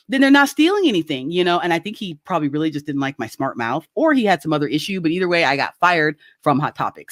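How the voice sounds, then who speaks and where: A woman's voice: lowish voice, no room sound, clean studio sound. A woman telling a story in casual chat on a video call. She talks animatedly, laughs often and acts out the quoted voices. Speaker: guest.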